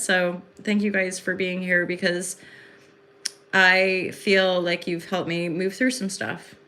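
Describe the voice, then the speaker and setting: A woman chatting into her phone on an evening livestream, her voice bright and forward at a mid pitch. She rambles warmly and effusively, piling on fillers as she talks to her viewers from home. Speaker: livestream host and spiritual reader. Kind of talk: casual livestream chat.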